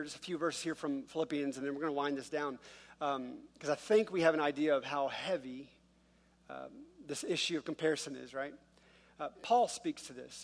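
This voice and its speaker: A man's voice: sits high, fairly bright tone. A middle-aged male pastor preaching a sermon in a conversational, self-deprecating way, acting out quoted voices.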